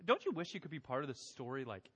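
A man's voice: medium pitch, sing-song, quick pace, fairly bright tone, breathy edge. A man preaching a conversational sermon, often asking his listeners questions as he works through scripture. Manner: conversational, asks the congregation questions. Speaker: pastor. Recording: long hall reverb.

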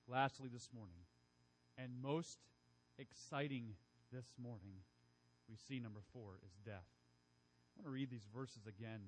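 A man's voice: mid-range voice, poor audio. A man preaching a sermon with emphatic, repetitive phrasing. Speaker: pastor.

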